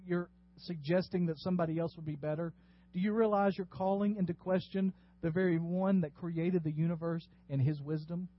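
High-voiced preacher. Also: male voice, muffled recording. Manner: earnest, exhorting, rising to emphatic bursts. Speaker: pastor. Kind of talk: sermon.

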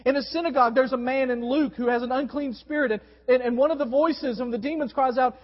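A man preaching a sermon to his congregation, with wide swings in pitch and volume. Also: fairly even intonation, fast talker, few pauses. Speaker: pastor. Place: church sanctuary. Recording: dull recording in a long-reverb hall.

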